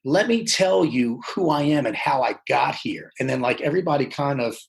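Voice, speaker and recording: A man telling his life story as a podcast guest, animated, acting out the people he quotes. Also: mid-range voice, moderate pace, vocal fry, poor audio. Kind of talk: casual storytelling interview.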